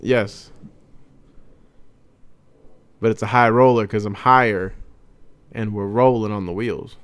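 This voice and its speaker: Smooth-voiced young man telling a story. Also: lowish voice, takes it slowly, dry recording. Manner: animated storyteller acting out quotes. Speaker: podcast co-host. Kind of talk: casual storytelling chat.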